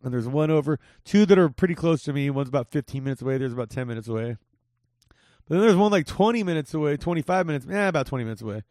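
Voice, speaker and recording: A man's voice: on the high side, expressive, racing, a little mellow, no echo, studio quality. A young man hosting a podcast in casual chat, laid-back and profane, calling his guest dude. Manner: laid-back, swears a lot, says dude often. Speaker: podcast host. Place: home in Las Vegas.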